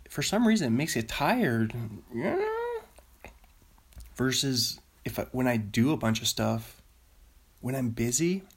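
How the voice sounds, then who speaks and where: A man hosting a casual podcast, rambling and joking at himself, who breaks into silly high-pitched bits before reading a plot recap. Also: gravelly, husky. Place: home.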